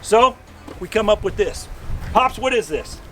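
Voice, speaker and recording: A man hosting a casual outdoor vlog, with a joking, folksy, excitable way of talking. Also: high-pitched, unhurried, far from the mic, faint music behind. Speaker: RV vlog host. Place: outdoors by a vehicle.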